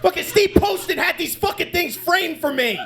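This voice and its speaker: A man doing stand-up comedy on a club stage, animated and crude, chatting with the crowd. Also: very high voice, moderate pace, vocal fry.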